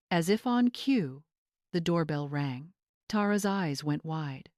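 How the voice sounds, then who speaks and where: A woman narrating a family drama story in an even, measured manner. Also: low-pitched, no room sound, clean studio sound.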